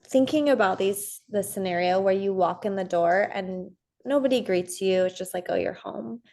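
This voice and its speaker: A woman therapist talking as a guest on a podcast. Her speech is calm, measured and gentle. She is from the United States. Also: mid-range voice. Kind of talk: casual interview chat.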